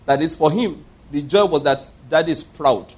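A man's voice: on the high side, moderate pace, husky. A male pastor preaching a sermon, telling stories emphatically and acting out the voices of the people he quotes. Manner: emphatic storytelling preacher who acts out quoted speech.

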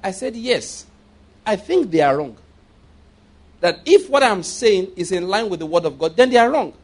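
A man preaching a sermon as a story, repeating himself for emphasis, checking in with his listeners and chuckling along the way. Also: a little high. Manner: chuckles often while telling.

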